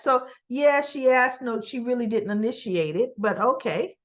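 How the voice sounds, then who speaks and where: A woman's voice: high-pitched, normal speed, few pauses, dull audio. A woman casually retelling a soap opera episode, acting out characters' lines with "she goes" and correcting herself as she talks. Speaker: soap opera recap vlogger.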